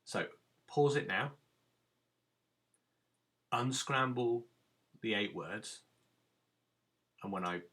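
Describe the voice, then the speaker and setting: A man's voice: medium pitch, lively intonation, extremely slow, long pauses, fairly bright tone. A man teaching a recorded phonics lesson to young children, giving patient step-by-step instructions. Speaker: primary school teacher.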